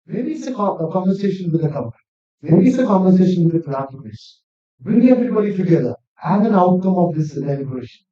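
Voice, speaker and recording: An academic lecturer gives a conference talk in a high-pitched, fast voice with lively intonation. His earnest delivery builds toward emphatic appeals. The mic sits far off in an echoey hall, so the sound is dull.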